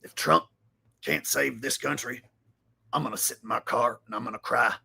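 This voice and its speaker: A man doing an impression of a defeated middle-aged male talk-radio host, whimpering and rushed. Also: mid-range voice, gravelly, pushed and bright, slightly rough, exaggerated voice.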